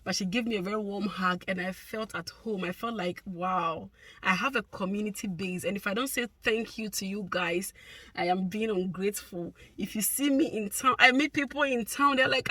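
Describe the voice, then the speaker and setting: A woman's voice: medium pitch, fairly quick, sharp tone, no room sound. A young adult woman, a healthcare worker, chatting casually to her vlog viewers, effusive and laughing often.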